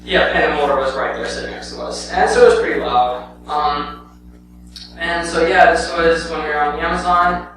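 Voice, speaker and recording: Young guy, kinda high voice, lots of ums and anyways, sounds far off in a big echoey church. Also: moderate pace, fairly bright tone. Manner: rambling, with many "um" and "anyway" fillers. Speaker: church member presenting his mission trip. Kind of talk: casual spoken report to a congregation. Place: church sanctuary. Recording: very echoey church hall, heard from a distance, with a clear hum.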